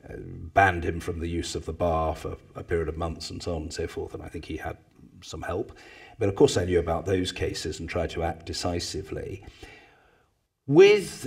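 A man, telling anecdotes to a live audience, with loud mimicking bursts. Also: low voice, slightly rough. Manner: animated storyteller, mimics others with loud bursts. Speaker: former parliamentary speaker, guest.

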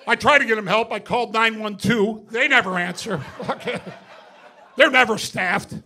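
High, bright-voiced stand-up comic man. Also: moderate pace, slightly rough. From Binghamton, New York. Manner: swearing, laughing through the punchlines. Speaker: stand-up comedian. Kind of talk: stand-up storytelling. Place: comedy club stage with audience.

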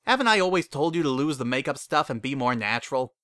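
A man playing a booming, jolly stallion dad. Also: lively intonation, quick pace, pushed and bright, dry recording, clean studio sound. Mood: jovial. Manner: booming and jovial. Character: cheerful middle-aged unicorn stallion father.

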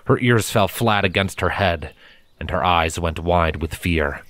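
A man reading a fan fiction story aloud as narrator, steady and dramatic. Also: sits low, unhurried. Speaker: fanfiction reader. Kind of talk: audiobook narration. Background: background music.

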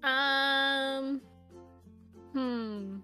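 A woman chatting casually as a friend during a game stream, teasing and quick to laugh. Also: sits high, fairly even intonation, pushed and bright, faint music behind. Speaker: co-player and friend. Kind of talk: casual gameplay chat.

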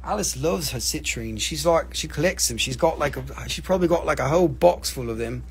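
A man with a notably high voice runs a live crystal sale, jumping from price to price in loose patter. He jokes around constantly and swears freely, rambling as he goes. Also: lively intonation, a little fast, husky. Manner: joking, profane, rambling. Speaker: livestream crystal seller.

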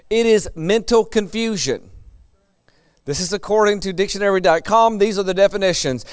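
High-voiced, smooth middle-aged male preacher. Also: no room sound, studio quality. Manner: conversational, chuckles between points. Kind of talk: sermon.

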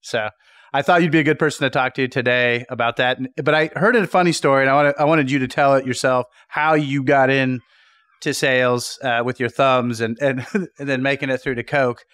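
A male interviewer who sets up his guest's story and keeps him going with brief encouraging replies. His voice is smooth and clear, recorded close and dry. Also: mid-range voice, fairly even intonation, fairly quick, a bit bright, no echo. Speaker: interview host. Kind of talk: conversational interview.

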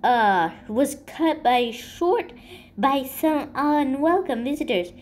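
A woman reading a children's picture book aloud in a gentle, expressive storytelling voice. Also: high-pitched, slow pace. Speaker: storybook reader.

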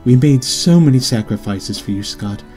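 A man's voice: mid-range voice, animated, normal speed, dark tone, soft background music, pitched above the performer's own voice, lightly acted. A man voicing a worried, insistent middle-aged mother in an audiobook, with pleading, scolding emphasis. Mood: urgent scolding. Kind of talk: audiobook character reading.

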